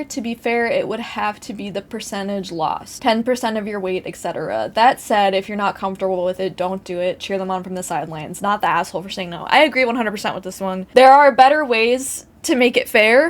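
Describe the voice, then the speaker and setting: Brief: young Midwestern woman, chatty story reader, slightly high voice, swears and laughs. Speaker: YouTuber reading Reddit stories. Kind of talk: casual reading and commentary.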